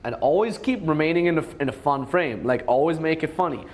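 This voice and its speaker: Young man, high voice, rambling, swears constantly, acts out quotes. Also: lively intonation, a little fast. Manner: crude, rambling, swears a lot; acts out quoted lines in a raised voice. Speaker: dating coach. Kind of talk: casual advice talk.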